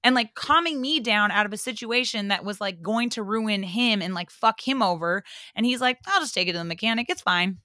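A young woman hosting a podcast, telling a story in casual chat, animated, full of fillers and swearing. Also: medium pitch, fairly quick, hardly any pauses, no echo, clean studio sound. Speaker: podcast host.

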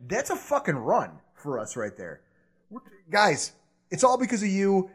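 A man's voice: high-pitched, wildly swooping pitch, a little slow, husky. A man hosting a sports podcast, swearing freely and laughing often between his lines. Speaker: podcast host. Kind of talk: loose, profane sports podcast chat.

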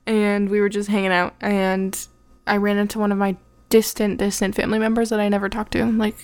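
A young woman, the host's fiancée, guests on a podcast and tells a story casually, frankly, with swearing and laughter. Her medium-pitched voice is monotone and brisk, with a darkish, clean tone.

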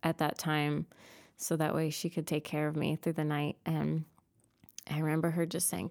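Earnest young woman with a gravelly low voice. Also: level tone, moderate pace, a little mellow. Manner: earnest, emotional storytelling. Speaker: interview guest, singer. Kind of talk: testimony interview.

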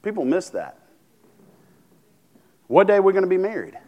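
A man's voice: high-pitched, big pitch swings, normal speed, lo-fi sound. Man preaching a conversational sermon. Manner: conversational preaching, asks the congregation questions, many restarts. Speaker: pastor.

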